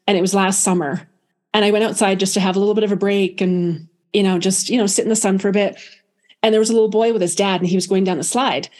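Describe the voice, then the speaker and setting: A woman medium telling a personal story in a soft, reflective way, with many pauses and restarts. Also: mid-range voice. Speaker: guest medium.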